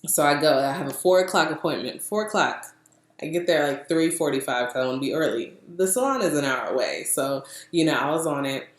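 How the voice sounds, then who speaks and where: Young woman vlogger, low voice, lively chatty storytelling, roomy echo. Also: a little fast. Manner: chatty, animated, laughs often, acts out quotes. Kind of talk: casual storytelling vlog.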